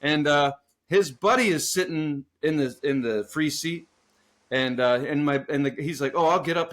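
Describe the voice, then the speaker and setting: A man's voice: a little high, moderate pace, fairly bright tone. A man co-hosting a podcast, telling a long story in casual, profane chat and often breaking into laughter. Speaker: podcast co-host.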